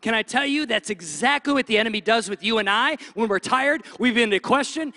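A pastor preaching a Sunday sermon with animated delivery, acting out doubting inner voices. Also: male voice, extremely high pitch, fairly quick, few pauses, big-room sound. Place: church stage.

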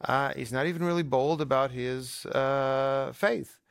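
A man with a gravelly, creaky edge to a mid-pitched voice tells a story on a talk show. He talks in eager, emphatic bursts and restarts his sentences, recorded dry and close. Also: fairly even intonation, unhurried, no echo. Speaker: co-host.

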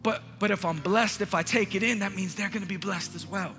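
A male pastor preaching a sermon in a large church, emphatic and repetitive, building up to shouts. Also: high-pitched, a little fast, big-room sound, faint music behind.

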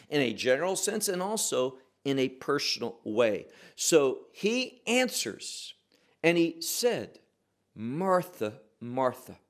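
A man teaching a sermon on a Bible passage, asking rhetorical questions and answering them, slowing and dropping his voice to stress key words. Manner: slows and drops pitch to stress key words.

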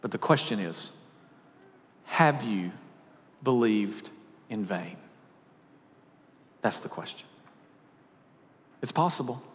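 A man preaching a sermon, swinging between loud emphatic peaks and hushed, low lines. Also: lively intonation, slow pace, long pauses, big-room sound. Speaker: pastor. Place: church sanctuary.

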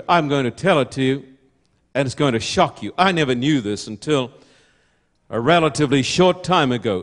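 A man's voice: mid-range voice, animated, moderate pace. An older man preaching a sermon to an audience, emphatic and full of rhetorical questions.

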